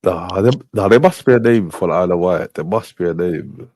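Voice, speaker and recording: Deep voiced guy just chatting, keeps asking questions, dry close sound. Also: brisk, darkish tone, no room sound. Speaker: podcast co-host. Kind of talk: casual banter.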